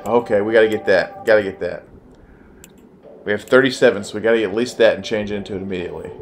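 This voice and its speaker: A man playing a video game with his child, chatting casually and cheering excitedly, game music behind him. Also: fairly low pitch. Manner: excitable, cheers his kid on with rapid repeated urging. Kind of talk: casual gameplay chat.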